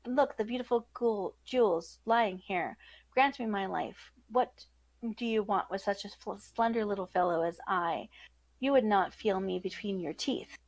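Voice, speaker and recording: A woman voicing an ill-tempered little male dwarf with a shrill, scolding manner. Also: lively intonation, normal speed. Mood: pleading.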